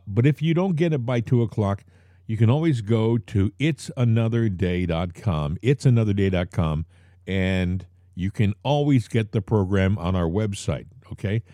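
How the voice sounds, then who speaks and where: Man, podcast host, casual talk, repeats key points, mellow tone, dry room. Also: fairly low pitch, no echo. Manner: direct, addresses listeners as folks, repeats key points. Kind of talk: casual talk show chat.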